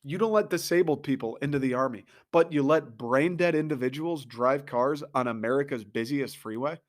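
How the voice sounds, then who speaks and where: Male host, comedic rant, sarcastic and profane, average pitch. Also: moderate pace. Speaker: podcast host.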